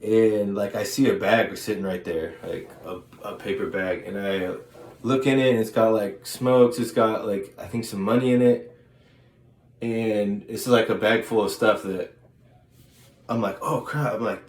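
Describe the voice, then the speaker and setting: Man, lowish voice, rambling storyteller, restarts a lot; roomy echo, faint background hiss. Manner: rambling, halting with many restarts and fillers. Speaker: vlogger. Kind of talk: casual storytelling. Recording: echoey room with faint ambient noise.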